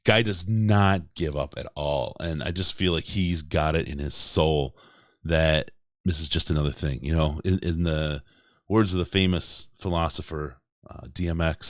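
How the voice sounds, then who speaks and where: A man's voice: a bass voice, fairly even intonation, unhurried, no room sound, clean studio sound. A man hosting a casual sports podcast, rambling and joking and laughing often. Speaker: podcast host.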